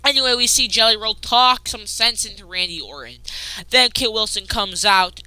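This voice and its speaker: Woman doing a wrestling recap vlog, bright crisp voice, gets hyped then mumbles, dry close sound. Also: on the high side, normal speed, no room sound. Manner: excitable, swings between loud outbursts and muttered asides. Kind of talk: casual wrestling news recap.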